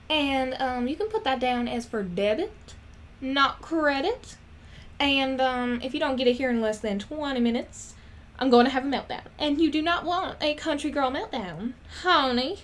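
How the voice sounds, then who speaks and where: A woman's voice: high-pitched, pitched above the performer's own voice. A woman putting on a sassy Southern country gal. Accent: Southern US put on. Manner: drawling, bossy, calls people honey.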